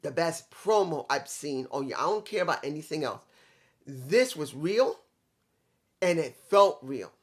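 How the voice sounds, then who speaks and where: A man's voice: on the high side, lively intonation, a little slow. A man reviewing a wrestling show in a casual, rambling way, with some swearing and restarts.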